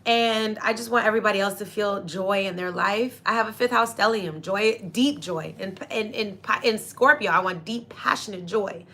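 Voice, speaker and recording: Barely pausing, a young woman with a mid-range, slightly bright voice hosts a casual astrology livestream at a normal speed. She speaks directly to her viewers, effusive and grateful, and tears up with happiness.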